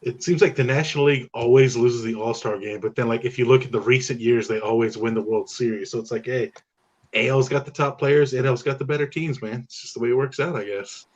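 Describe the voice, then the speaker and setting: Laid-back guy co-hosting a sports show, mid pitch, kinda muffled sound. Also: fairly even intonation, fairly quick. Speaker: sports talk show co-host. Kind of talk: casual sports chat. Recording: slightly dull, muffled audio.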